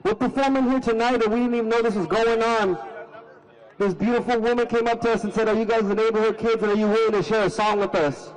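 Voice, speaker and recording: A man's voice: sits high, fairly even intonation, fast talker, poor audio. A man, a musician, speaking to an outdoor protest crowd in a friendly, rousing way, addressing them as y'all.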